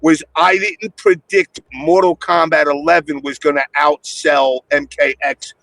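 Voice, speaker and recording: Man, blunt, profane, casual podcast chat, high-pitched, gravelly, dry close mic. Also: steady tone, a little slow, fairly bright tone, no echo.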